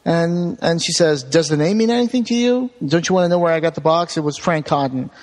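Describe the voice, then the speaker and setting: A man co-hosting a casual podcast, retelling a story and slipping into quick voices for the characters. His voice sits on the higher side. The recording carries a long reverb tail. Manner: animated, acts out lines in quick voices, many fillers. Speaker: podcast co-host.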